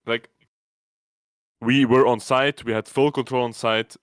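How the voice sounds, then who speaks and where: A man's voice: mid-range voice, steady tone, measured pace, clear, resonant tone, dry recording, clean studio sound. A man co-hosting a casual gaming podcast, telling rambling stories and mimicking other players as he goes. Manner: rambling storyteller, mimics players mid-story. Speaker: podcast co-host. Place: online voice call.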